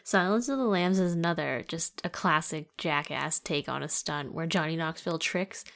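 A woman's voice: sits low, normal speed, creaky, fairly bright tone. A woman co-hosting a casual podcast chat, giggling often and rambling through long recaps full of "like". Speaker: podcast co-host.

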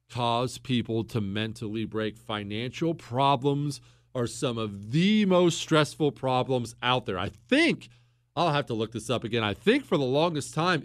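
Emphatic man lecturing, animated pitch. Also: no echo, clean studio sound. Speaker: podcast host. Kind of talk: political talk monologue.

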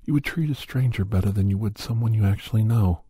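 Very husky man giving a rambling sermon-like talk. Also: lowish voice, fast talker, dark tone, no echo, clean studio sound. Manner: rambling, preachy, drops into whispers. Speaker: monologue speaker. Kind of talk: rambling moral monologue.

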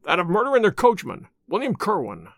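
Brief: cool, crisp storybook detective, curt and in command, a man reading him. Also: sits high, wildly swooping pitch, a little fast, no echo, studio quality, heavily acted.

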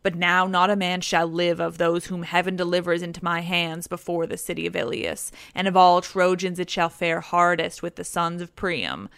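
A woman's voice: fairly low pitch, steady tone, moderate pace, vocal fry, hardly any pauses, fairly bright tone, smooth, dry recording, studio quality. A woman reading as a stern, wrathful warrior hero. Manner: stern, scornful.

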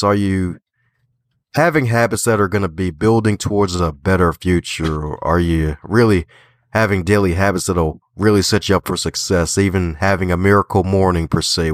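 A man's voice: low voice, no room sound, clean studio sound. A man from Baltimore with a slight Southern twang, a guest in an interview, talking in an upbeat, folksy way and laughing often. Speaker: guest author and podcaster. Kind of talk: casual interview talk.

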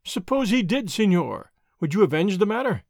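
A man reading the part of a proud, spirited young noblewoman, asking sharp, challenging questions. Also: high-pitched, sing-song, normal speed, no echo, studio quality, heavily acted.

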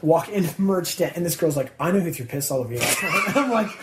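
A man telling stories casually in an interview, animated and acting out what people said. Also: fairly high pitch, fast talker, roomy sound, slight background noise. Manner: animated, acts out quotes, many fillers. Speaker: guest musician.

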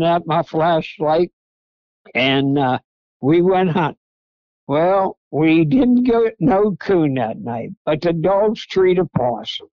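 A man's voice: on the high side, dry recording, dull audio. An older man, a podcast guest, telling rambling folksy stories about his past. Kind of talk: storytelling interview.

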